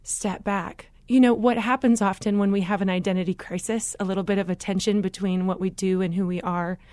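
A woman in a faith podcast interview, telling her story earnestly and with animation, throwing in quick asides. Her pitch sits in the middle, and the sound is dry and close with no room around it. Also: fairly even intonation, darkish tone, no room sound. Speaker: guest.

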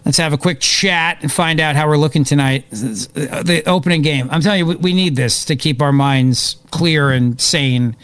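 A man hosting live political talk radio, excitable and opinionated, rambling as he reacts to events. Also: on the high side, moderate pace, hardly any pauses, smooth, no room sound. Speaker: radio talk show host.

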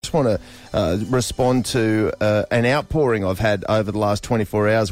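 A man's voice: lowish voice, dry recording, studio quality. A middle-aged Australian man hosting a radio show, talking casually and rambling with many fillers and restarts. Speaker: radio host. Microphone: studio microphone.

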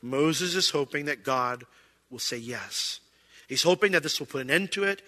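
Male pastor, conversational sermon, somewhat high, very bright forceful tone. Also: animated, normal speed, big-room sound. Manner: conversational, acts out quoted voices.

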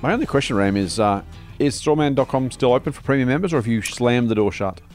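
A man's voice: mid-range voice, fast, darkish tone, soft background music. An Australian man co-hosting a podcast in casual chat, matey and encouraging, calling people mate. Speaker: podcast co-host.

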